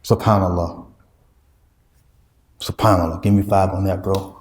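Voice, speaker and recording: A man's voice: sits low, fairly even intonation, a little slow, roomy sound, slight background noise. A man with an American accent preaching a sermon, emphatic and repetitive, with street slang. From United States.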